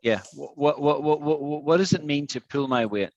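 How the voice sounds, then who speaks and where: A man's voice: on the high side, normal speed, creaky, no room sound, lo-fi sound. A man teaching an online English lesson, patiently explaining with repeated examples.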